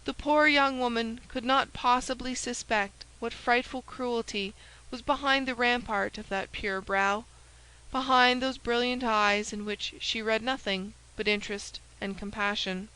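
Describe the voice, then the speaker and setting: A woman reading a classic novel aloud as an audiobook narrator, in a clear and measured way. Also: fairly high pitch, steady tone, sharp tone, rough recording. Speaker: audiobook reader. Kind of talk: scripted narration.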